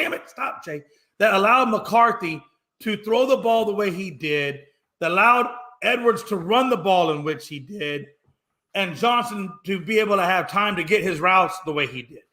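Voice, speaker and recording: A man co-hosting a sports talk show, ranting in an animated, profane way and repeating phrases for emphasis. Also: high voice. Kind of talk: loud casual sports talk.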